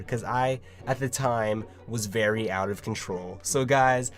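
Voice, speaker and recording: A man's voice: on the low side, measured pace. A young man vlogging a casual storytime, loose and chatty, full of filler words and swearing.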